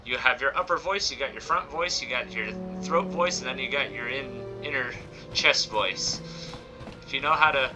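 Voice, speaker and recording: A man's voice: mid-range voice, moderate pace, dull audio. A man chatting playfully while live-streaming a video game, with a slightly squawky voice. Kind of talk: live gameplay commentary. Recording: game music behind.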